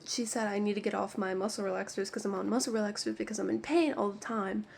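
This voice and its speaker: A woman vlogger talks straight to camera, telling a story in a loose, rambling way and sprinkling "like" through nearly every line. Her tone is exasperated and candid, at a medium pitch, with a faint hiss of noise underneath. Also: steady tone, quick pace, creaky, darkish tone. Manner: rambling and exasperated, heavy use of "like". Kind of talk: casual storytime chat.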